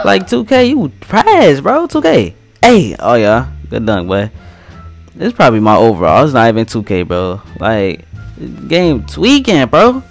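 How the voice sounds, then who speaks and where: A young man giving casual, slangy gameplay commentary, trash-talking and swinging from mumbles to yells. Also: mid-range voice. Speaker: gaming streamer.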